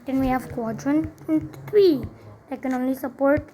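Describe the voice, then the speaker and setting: A woman's voice: sits high, moderate pace, mellow. Chatty young woman explaining math. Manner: chatty, self-interrupting, many fillers. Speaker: math tutor. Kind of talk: casual explaining while writing.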